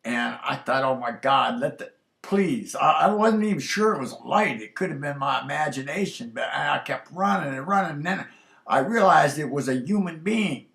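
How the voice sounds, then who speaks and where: A man telling a personal story in a halting, earnest way, pausing often on fillers. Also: fairly high pitch, lively intonation, creaky, fairly bright tone. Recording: roomy echoey recording.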